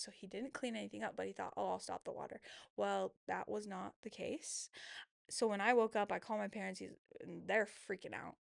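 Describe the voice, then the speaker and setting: A woman's voice: medium pitch, vocal fry, dry recording, clean studio sound. A young woman in her twenties hosting a podcast, telling a personal story in a candid, emotional, casual way, with lots of "like" fillers. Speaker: podcast host.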